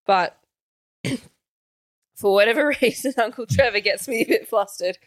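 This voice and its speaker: A woman's voice: a little high, moderate pace, no room sound, studio quality. A woman co-hosting a podcast, candid and rambling, laughing often in casual chat. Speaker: podcast co-host.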